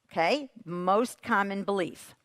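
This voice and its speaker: A parenting expert gives an animated motivational talk on stage and puts questions to the audience. She has a mid-range voice, speaks slowly, and there's no room sound.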